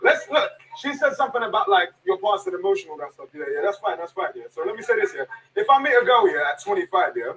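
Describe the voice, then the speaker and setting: A young man argues fast in a group chat, repeating himself as he holds the floor. His voice is high and bright. He sits a little back from the microphone. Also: far from the mic, poor audio. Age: 20s. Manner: animated, interrupting, repeats himself. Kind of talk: heated group discussion.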